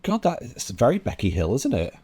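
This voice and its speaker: A man hosting a show reviewing new drum and bass tracks, talking casually and bluntly with lots of fillers. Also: wildly swooping pitch, fairly quick. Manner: chatty and blunt, with frequent fillers and laughs. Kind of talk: casual commentary. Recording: music playing under the voice.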